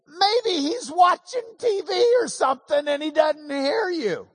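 A man voicing a brash male prophet who mocks his rivals, shouting in a high, taunting voice. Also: big pitch swings, takes it slowly, husky, big-room sound, full character voice.

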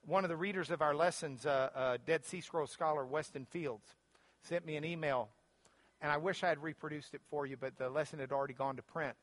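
A man teaching a Bible lesson as a sermon, earnest and rising in pitch when he quotes Scripture, closing in prayer. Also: a bit bright, no room sound.

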